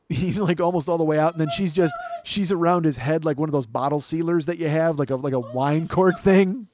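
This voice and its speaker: Animated, swearing storyteller man. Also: fairly high pitch, normal speed, background noise. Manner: animated, profane, self-mocking. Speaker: comedian, podcast host. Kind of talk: comic storytelling.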